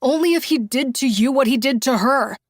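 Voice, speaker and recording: A woman's voice: fairly high pitch, a little slow, dry recording, clean studio sound, natural voice. A woman voicing a controlling man who built a synthetic wife, with a nasal, strained way of speaking in an audiobook thriller. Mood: angry. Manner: controlled, then pleading and explosive.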